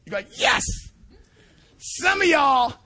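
A middle-aged man preaching a sermon and telling a personal story, animated, repeating himself and laughing between phrases. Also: very high-pitched, slow. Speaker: preacher at a student conference.

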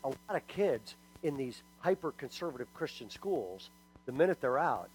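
A man's voice: mid-range voice, moderate pace, faint music behind, poor audio. A middle-aged man preaching a sermon as a pastor, telling stories with acted quotes and joking asides to the congregation. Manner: lively storytelling with acted quotes and asides to the crowd.

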